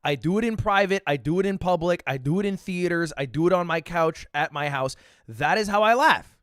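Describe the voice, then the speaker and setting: A man in his twenties, a streamer telling a story in casual chat, animated and swearing, with sudden bursts of loud laughter. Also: a little high, fairly quick, no echo, clean studio sound. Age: 20s.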